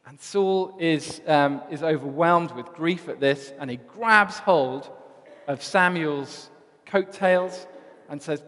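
A man preaching in a reverberant church, his voice on the higher side as he retells old stories with animated storytelling. The long echo trails after each phrase. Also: takes it slowly. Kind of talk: sermon.

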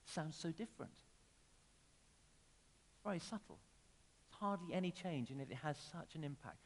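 Preacher guy, kinda high voice, big echoey church hall, chatty sermon. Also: lively intonation, normal speed. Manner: conversational with emphatic rises and sudden drops. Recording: long reverb of a church hall.

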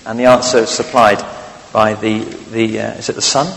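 A man's voice: fairly low pitch, little pitch movement, normal speed, creaky, a bit bright, in a large hall, low-quality recording. A man preaching a sermon, conversational and wry, with frequent fillers.

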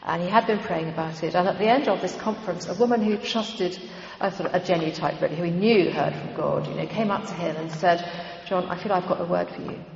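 A woman's voice: lowish voice, brisk, gravelly, a little mellow, slight background noise. A woman giving an informal church teaching talk on prayer, conversational and meandering, with frequent ums and asides. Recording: dull, echoey hall recording.

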